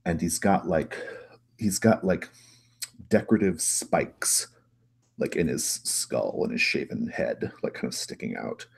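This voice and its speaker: A man's voice: very deep voice, big pitch swings, measured pace, creaky, slightly rough. A man narrating a tabletop game as game master, rambling with many restarts.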